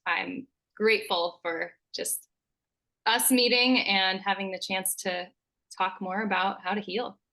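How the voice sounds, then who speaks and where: A woman, a naturopathic doctor, calmly explaining her work as a podcast guest. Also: mid-range voice, measured pace. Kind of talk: interview answers.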